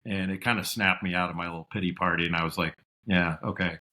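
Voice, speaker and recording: A middle-aged man telling stories as a podcast guest, reflective, and lively when he quotes his father. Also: sits low, racing. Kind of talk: casual interview storytelling.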